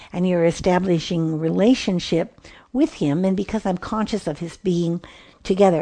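A woman's voice: fairly low pitch, dark tone. A middle-aged woman hosting a Christian radio show from a studio, giving an earnest, reflective devotional talk with many restarts.

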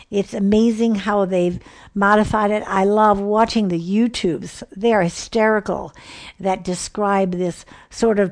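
Slow, soft-spoken, gravelly woman. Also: lowish voice, steady tone. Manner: soft, earnest, partly whispered. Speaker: host of a homemaking ministry. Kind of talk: devotional reading and encouragement.

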